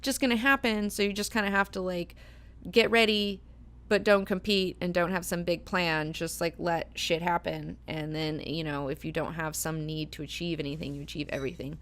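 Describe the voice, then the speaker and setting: Woman with a lowish voice running a book club, super casual, lots of "like" and "you know", swears a lot. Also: steady tone, moderate pace, a bit bright. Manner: chatty, filler-heavy, swears freely.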